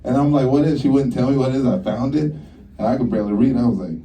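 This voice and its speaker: A young male stand-up comic on a club stage, talking brash and profane. He has a dark, mellow tone and acts out his stories with sudden high jumps in pitch. He sounds set back from the mic. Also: quick pace, distant mic, dull audio. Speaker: stand-up comedian. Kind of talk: stand-up routine.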